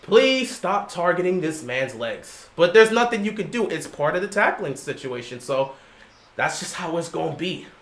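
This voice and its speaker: Animated man streaming live game commentary. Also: fairly high pitch, normal speed. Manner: animated, lectures the chat directly. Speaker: livestream host. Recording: roomy echo.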